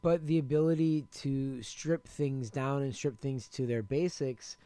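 A man's voice: medium pitch, fairly even intonation, unhurried, dark tone, clear, resonant tone, dry recording. Reflective man co-hosting a podcast. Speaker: podcast co-host. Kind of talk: casual film discussion.

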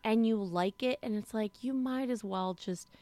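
A woman's voice: a little high, moderate pace, dark tone, no echo. A woman co-hosting a film podcast, talking casually and rambling with plenty of fillers. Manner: chatty, rambling, lots of fillers. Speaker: podcast co-host.

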